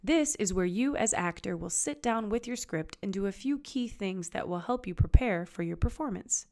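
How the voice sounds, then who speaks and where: A woman's voice: medium pitch, lively intonation, moderate pace, dark tone. A woman teaching acting basics in an upbeat, encouraging, conversational scripted narration.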